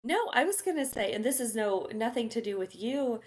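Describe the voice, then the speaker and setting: A woman's voice: fairly high pitch, lively intonation, a little fast. A woman book editor as a podcast guest, chatting casually with dry, wry humor. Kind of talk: casual chat.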